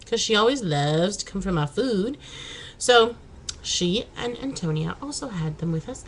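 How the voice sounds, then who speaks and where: Lively chatty woman vlogging at home. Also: medium pitch, a little slow, slight background noise, poor audio. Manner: chatty, laughing, exclaiming. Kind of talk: casual chat.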